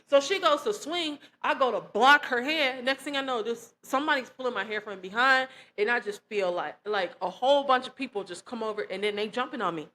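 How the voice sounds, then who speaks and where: A young woman vlogger telling a personal testimony to her viewers in an animated, emphatic way, often calling them y'all. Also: on the high side, fairly quick, few pauses. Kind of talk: casual storytelling to camera.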